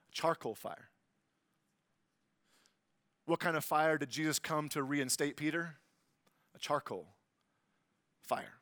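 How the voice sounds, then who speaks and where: Bright high-voiced animated male pastor. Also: dry recording. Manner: animated, jokey storytelling with sudden loud asides. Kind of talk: sermon.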